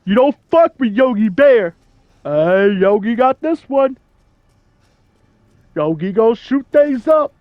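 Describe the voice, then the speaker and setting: A loud, higher-pitched cartoon bear boasting like a gangster, put on by a man. He swaggers through every line with a classic cartoon voice, bragging about packing heat. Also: lively intonation, takes it slowly, long pauses, no echo, dull audio, heavily acted. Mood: swaggering. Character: boastful male cartoon bear talking tough about guns. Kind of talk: comic voice impression during gameplay.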